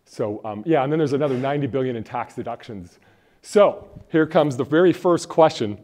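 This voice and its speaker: A man's voice: mid-range voice, expressive, brisk, a little mellow. A man giving a live workshop on college costs into a mic in a room with an audience. He talks casually, rambles a bit and jokes with the crowd. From Phoenix, Arizona. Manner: jokey, rambling, chats with the audience. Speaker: college financial aid presenter. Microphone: handheld or stand mic.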